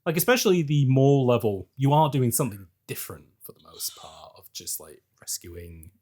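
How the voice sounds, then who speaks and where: Lively, animated man on a podcast. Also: moderate pace. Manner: animated, laughs often, jumps between high and low. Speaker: podcast co-host. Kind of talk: casual chat. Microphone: remote call mic.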